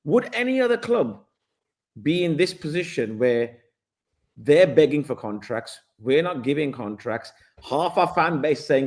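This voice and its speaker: A man with a somewhat high voice argues on a casual football panel. He presses his case steadily and interrupts to keep the floor. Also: big pitch swings, a little slow, darkish tone. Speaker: guest pundit.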